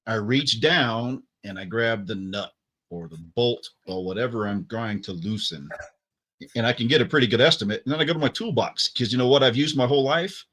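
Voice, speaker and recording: Blunt, scoffing co-host. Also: male voice, mid-range voice, brisk, fairly bright tone. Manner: blunt and scoffing, with some stammered restarts. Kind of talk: casual banter.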